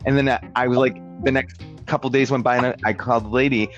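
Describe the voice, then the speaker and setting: A man's voice: medium pitch, steady tone, fast talker. A man telling a story in casual chat, rambling and peppering it with "like", slipping into other people's voices when quoting them. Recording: dull lo-fi sound with faint guitar music.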